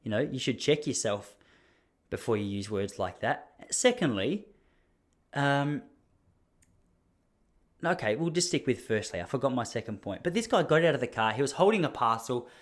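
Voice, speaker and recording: Animated Australian man telling a ranting story. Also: medium pitch, normal speed, long pauses. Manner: animated and ranting, with mock outrage. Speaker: podcast host. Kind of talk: casual storytelling monologue.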